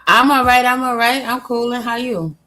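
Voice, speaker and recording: A woman guest on a live stream, chatting in a relaxed, breezy way. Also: a little high, normal speed. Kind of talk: casual chat.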